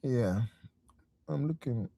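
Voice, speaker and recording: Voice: mid-range voice, animated, takes it slowly, vocal fry, warm tone, dry recording. Casting: chatty, exasperated livestream tutor, direct with viewers, dry close sound. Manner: exasperated, talkative rant; direct, addresses viewers as guys. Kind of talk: casual livestream review class.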